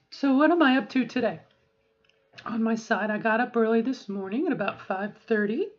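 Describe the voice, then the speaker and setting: A woman's voice: on the high side, animated, unhurried, long pauses. Middle-aged woman practicing a raised voice. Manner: careful, self-monitoring, slightly tight. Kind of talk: voice training practice, raised pitch. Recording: dull lo-fi recording.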